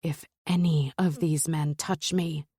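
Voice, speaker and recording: A woman narrating a romance novel in first person, in a measured, steady storytelling manner. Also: low voice, slightly rough, no room sound, clean studio sound. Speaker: audiobook narrator.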